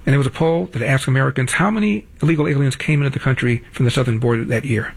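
A man's voice: medium pitch, quick pace, vocal fry, slightly rough. An older man hosting a political talk radio show, delivering a wry, combative monologue that builds to emphatic peaks.

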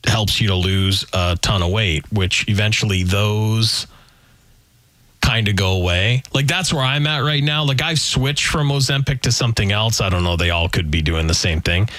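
A man's voice: on the low side, moderate pace, no echo. A man co-hosting a talk show, chatting casually and rambling through lots of fillers. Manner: relaxed, rambling with many fillers. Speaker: radio show co-host. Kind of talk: casual chat.

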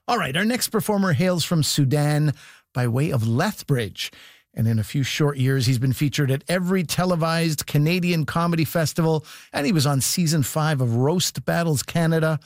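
A man's voice: a little high, animated, normal speed, no room sound, studio quality. A male comedy show host announcing and introducing the next performer in an upbeat tone.

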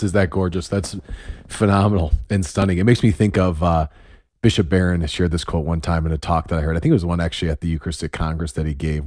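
Thoughtful host with a very deep voice. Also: male voice, a little mellow, no echo, studio quality. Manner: thoughtful, asks searching follow-up questions. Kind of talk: casual conversation.

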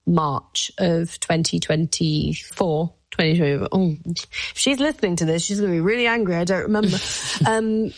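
Candid woman, low and dry. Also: normal speed, dry recording. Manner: open and emotional, speaking with many "like" fillers. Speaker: guest. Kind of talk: candid personal conversation.

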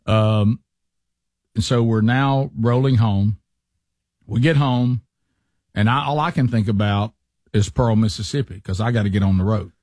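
A man's voice: lowish voice, unhurried, long pauses, no room sound. A middle-aged man, telling a long casual story to his co-hosts and acting out the quotes in it. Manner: animated storyteller, acts out quotes.

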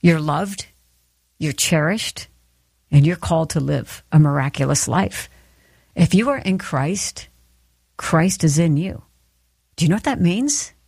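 A woman delivers an earnest devotional talk in a fairly low voice, speaking straight to the listener with encouragement. The sound is dry and close, with no room around it. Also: lively intonation, measured pace, creaky, long pauses, darkish tone, husky, dry recording. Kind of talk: sermon-style devotional talk.

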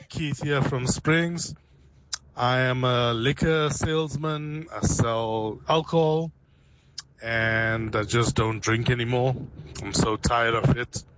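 Slow-talking South African man in a voice note. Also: mid-range voice, fairly even intonation, fairly bright tone, a little hiss or hum, poor audio. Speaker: caller, liquor salesman.

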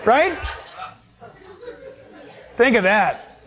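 Animated high-pitched male preacher. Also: extremely slow, a faint crowd. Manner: animated, acts out quoted voices, emphatic preaching. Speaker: pastor. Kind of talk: sermon.

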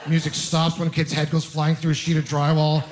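A man in his thirties, a comedian working a stand-up set with self-deprecating stories. His voice sits a little higher than most men's. He turns often to talk straight to the audience. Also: normal speed. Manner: self-deprecating storytelling, animated asides to the audience. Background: audience laughter.

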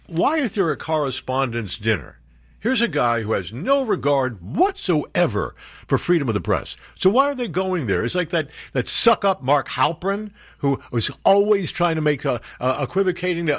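Sarcastic talk radio host. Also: male voice, on the high side, very animated, moderate pace, no room sound, studio quality. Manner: sarcastic, mocking, reads news aloud and interjects. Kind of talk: opinionated talk radio commentary.

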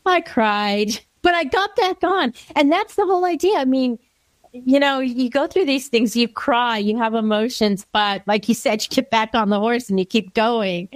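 A woman's voice: on the high side, normal speed, dry recording. A woman interviewer telling a chatty anecdote and asking questions. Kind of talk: interview conversation.

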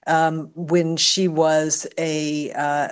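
An older woman speaks as an interview guest, with a very low voice for a woman. She answers in a thoughtful, articulate way, like a professor explaining her field. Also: flat delivery, extremely slow, smooth.

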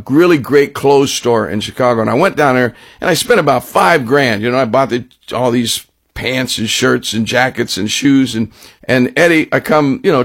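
An older man hosting a radio show, telling rambling stories in a casual way and laughing at his own anecdotes. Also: medium pitch.

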